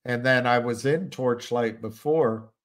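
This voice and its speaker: A little slow and medium-pitched, the older man hosting a live stream muses and rambles casually, frequently starting his sentences over.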